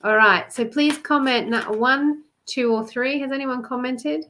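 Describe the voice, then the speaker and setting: A woman's voice: high voice, unhurried, pushed and bright, slight background noise. A chatty woman with an Australian accent, doing a live card reading for love, greeting viewers by name and laughing often. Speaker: love coach and card reader.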